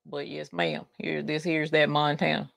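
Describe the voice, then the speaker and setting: A woman's voice: sits low, completely flat delivery, normal speed, gravelly, no echo. A woman with a Southern US country accent, chatting folksily while hosting a craft livestream. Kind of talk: casual livestream chat.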